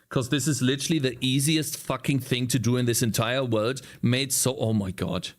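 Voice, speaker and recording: A man's voice: medium pitch, normal speed, hardly any pauses. A man developing a game while talking to himself, frustrated and swearing, his voice strained from screaming. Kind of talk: casual livestream coding commentary.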